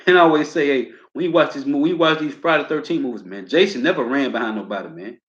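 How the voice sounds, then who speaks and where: A man teaching from scripture in a preaching style, reading verses slowly and with emphasis and tagging his lines with a casual filler. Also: mid-range voice. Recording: roomy, dull lo-fi sound.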